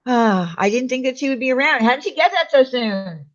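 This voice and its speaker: A woman co-hosting a casual live chat show, talkative and quick to laugh, trailing off between thoughts. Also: high voice, animated, muffled recording. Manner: chatty, laughs often, trails off. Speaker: livestream co-host.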